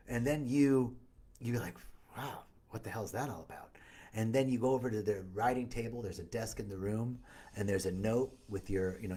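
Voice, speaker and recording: A man's voice: mid-range voice, darkish tone. Man on a live stream, rambling and upbeat, greets viewers by name. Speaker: retreat host. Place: outdoor retreat in tropical setting.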